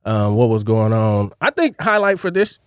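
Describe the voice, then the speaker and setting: A man co-hosting a podcast, speaking in a measured, reflective way with frequent fillers. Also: lowish voice, sing-song, smooth, dry recording, clean studio sound. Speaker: podcast co-host. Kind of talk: casual chat.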